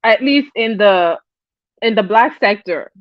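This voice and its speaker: A woman's voice: medium pitch, animated, measured pace, dry recording. A woman hosting a casual livestream, reading the chat aloud, rambling with restarts and bursting into laughter often. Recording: dull lo-fi dry sound.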